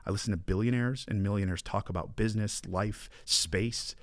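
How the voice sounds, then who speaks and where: A man, a mortgage broker guest, telling animated stories in a casual interview, acting out quoted dialogue and dropping to a hush. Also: on the low side, normal speed, dry recording. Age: 20s.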